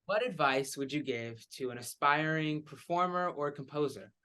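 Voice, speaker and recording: A man's voice: a little high, expressive, normal speed, sharp tone. A young man interviewing a theater composer, speaking in an admiring, fan-like way. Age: young adult. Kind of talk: casual interview questions.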